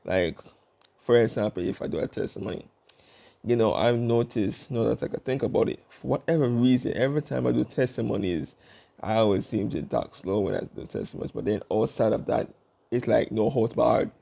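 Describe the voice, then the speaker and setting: A young man hosting his own channel, talking through a casual vlog monologue in a deliberate, rambling way with lots of fillers. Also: mid-range voice, lively intonation, creaky, dark tone. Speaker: YouTube channel host.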